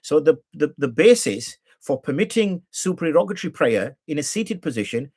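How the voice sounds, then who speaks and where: A man's voice: a little high, sing-song, normal speed, a little mellow, breathy edge. A middle-aged man teaching rules of prayer on a live show, arguing his points with rhetorical questions and imitating the people he corrects. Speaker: Islamic jurist teaching.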